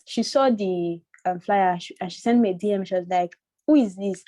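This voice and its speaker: A woman from Nigeria talks on a video call, and she keeps stopping and restarting as she gets tearful. Her voice sits at an ordinary middle pitch. The sound is dry and close, with no room echo. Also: mellow. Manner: halting, tearful, many restarts. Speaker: workshop participant. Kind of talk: emotional personal sharing on a video call.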